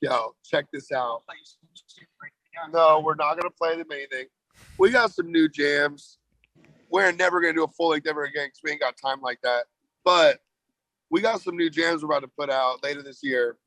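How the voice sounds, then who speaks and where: A laid-back American man who jokes and swears freely while chatting as a podcast guest. His voice sits a little high for a man. The sound is dry and close. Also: sing-song, fairly quick, creaky, bright, forceful tone, no echo, low-quality recording. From United States. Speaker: touring band member, podcast guest. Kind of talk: casual chat.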